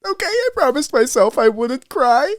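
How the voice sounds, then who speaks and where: A man doing a sneering, over-the-top take on a woman press secretary. The voice sounds odd and unlike his own, with a lively, swooping delivery and heavy sarcasm. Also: a little high, moderate pace, no echo, studio quality, lightly acted. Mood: mocking. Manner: sarcastic, exaggerated.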